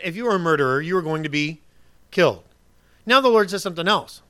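A man preaching a sermon in a conversational way, asking his congregation questions and swinging from loud emphasis to quiet asides. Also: fairly high pitch, no room sound. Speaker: pastor.

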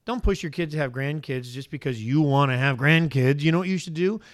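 A man with a notably high voice preaches a sermon with animated energy. He keeps tossing rhetorical questions at his congregation and swings between punchy emphasis and quieter asides. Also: brisk. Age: adult father. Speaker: pastor.

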